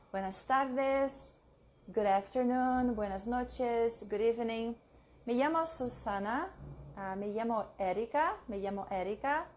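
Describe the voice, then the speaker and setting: A woman reading her study notes aloud, drilling words slowly and stopping to correct her own mix-ups. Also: medium pitch. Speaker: language learner sharing study notes. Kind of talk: slow read-aloud study session.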